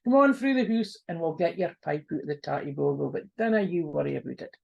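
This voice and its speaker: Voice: mid-range voice, expressive, quick pace, gravelly, lo-fi sound. A storyteller with a North-east Scots accent voicing a jolly, kindly old village minister who speaks heartily. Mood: reassuring. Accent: North-east Scots (Doric).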